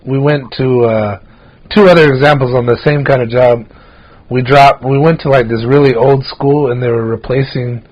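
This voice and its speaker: Husky-voiced man telling rambling stories. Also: mid-range voice, highs cut off. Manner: rambling storyteller, frequent "like" fillers. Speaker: podcast co-host. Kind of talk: casual chat.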